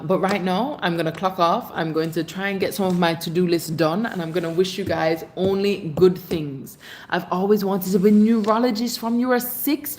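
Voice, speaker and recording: Woman chatting on her livestream, calls everyone babes, bit of hiss behind her. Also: on the low side. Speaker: livestream host. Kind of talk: casual live chat reading comments.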